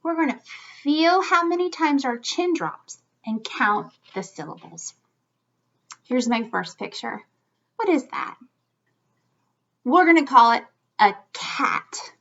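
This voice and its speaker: A woman with a bright, fairly high voice leads a lesson for small children. Her pitch swings widely, and she speaks in an unhurried, deliberate way. The recording is slightly dull and lo-fi. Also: very animated. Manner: clear, slow demonstrating speech for young learners. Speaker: teacher.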